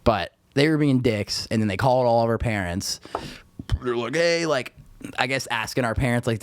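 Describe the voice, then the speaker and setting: A man's voice: mid-range voice, normal speed, clean tone. Laid-back swearing man telling a story. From Florida Panhandle. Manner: laid-back, rambling, swears freely, says dude and like a lot. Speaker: podcast co-host. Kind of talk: casual storytelling chat.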